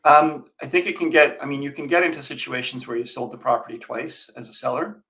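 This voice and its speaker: A man's voice: mid-range voice, steady tone, fairly quick, sharp tone, low-quality recording. Man, chatty real estate co-host. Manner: conversational, rambling with fillers and restarts. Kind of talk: casual chat.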